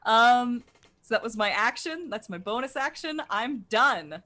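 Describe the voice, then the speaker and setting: A woman playing in a tabletop game, excitable and prone to loud outbursts. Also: on the high side, a little slow. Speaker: player.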